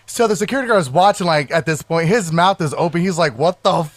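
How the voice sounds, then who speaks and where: High-voiced man telling a rowdy story. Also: quick pace, no room sound. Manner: animated, profane, acts out quotes loudly. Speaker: podcast co-host. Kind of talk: casual storytelling chat.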